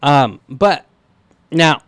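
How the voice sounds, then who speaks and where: A man's voice: on the high side, expressive, drawn-out words, a bit bright, clear, resonant tone, no echo. A man co-hosting a casual movie podcast, cracking crude jokes and giggling. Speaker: podcast co-host.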